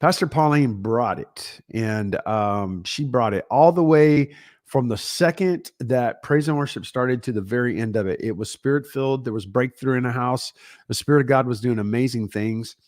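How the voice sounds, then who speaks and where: A middle-aged pastor with a Texan accent talks casually to his livestream viewers from home, rambling and upbeat as he greets them one by one. His voice sits at an ordinary middle pitch. The sound is dry and close, with no room echo. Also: moderate pace, a little mellow.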